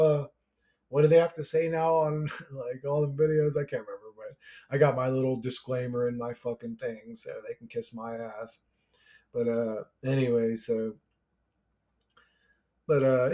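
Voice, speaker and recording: A man ranting to camera as a YouTuber, profane and exasperated, his voice climbing as he gets angrier. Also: sits high. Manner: profane, exasperated, rising to shouting. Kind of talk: angry conspiracy rant.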